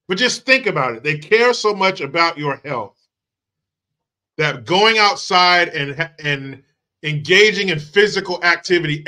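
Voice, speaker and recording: Dude with a high bright voice, snarky sweary commentary on a clip. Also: male voice. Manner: sarcastic, mocking, profane. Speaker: channel host.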